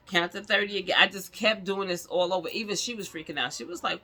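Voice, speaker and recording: A woman vlogger telling a personal story to her viewers in a casual, animated way, laughing often. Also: on the low side, normal speed.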